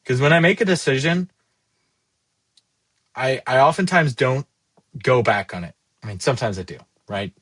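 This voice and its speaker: A man in his twenties vents in a candid, rambling monologue, swearing freely and putting himself down. His voice sits in an ordinary middle pitch. The room is dry, with no echo. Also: moderate pace, long pauses, a bit bright, slightly rough. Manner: rambling, profane, self-deprecating. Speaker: SaaS founder vlogging.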